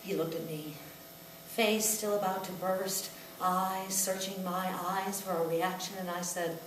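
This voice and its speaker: A woman performing a solo comic show on stage, telling wry, expressive stories about her brother. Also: lowish voice, measured pace, slight background noise. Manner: wry, expressive storytelling, breaking into song. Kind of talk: live comic storytelling with song. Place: small theatre stage. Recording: roomy live theatre recording from a distance. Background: audience laughter.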